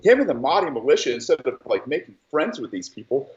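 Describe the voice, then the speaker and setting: A man's voice: mid-range voice, very animated, quick pace. Roomy, distant man telling heated stories. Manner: heated, profane storytelling with exaggerated quotes. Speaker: podcast host, military veteran. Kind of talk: casual chat. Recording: roomy, distant, dull-sounding mic.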